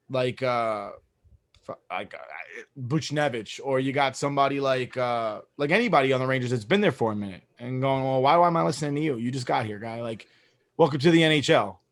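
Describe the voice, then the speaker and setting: A man's voice: medium pitch, no room sound. A man co-hosting a casual sports podcast, rambling and profane with a joking streak. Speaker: podcast co-host.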